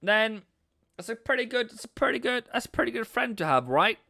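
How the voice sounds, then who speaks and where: A man's voice: very high voice, expressive, fairly quick, creaky, pushed and bright. A man from Norway, hosting a casual live trading stream, playful and chatty with viewers, tossing in silly sound effects. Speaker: forex trading livestream host.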